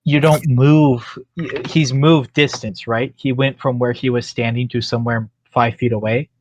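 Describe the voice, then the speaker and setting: A man playing in a tabletop game over voice chat, quickly arguing the rules. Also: medium pitch, fairly even intonation. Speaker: player. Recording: muffled voice chat with faint hiss.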